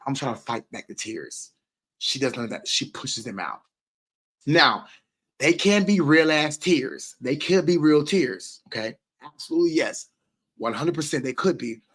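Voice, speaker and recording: A man's voice: medium pitch, fairly bright tone. A man hosting a casual livestream, talking straight to his viewers about their comments. He is emphatic and repetitive, hammering points home and swearing freely, in a mid-range voice. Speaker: livestream host.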